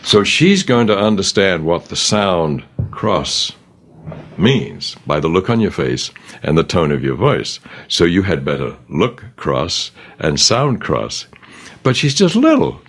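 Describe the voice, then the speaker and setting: Older deep-voiced man teaching gently. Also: very animated, slow. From England. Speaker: author and teacher. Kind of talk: conversational Bible discussion.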